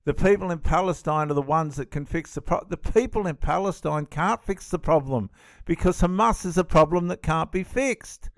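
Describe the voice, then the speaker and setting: A man's voice: fairly high pitch, moderate pace, dry recording, studio quality. A man giving indignant, emphatic reaction commentary on a clip, often repeating himself.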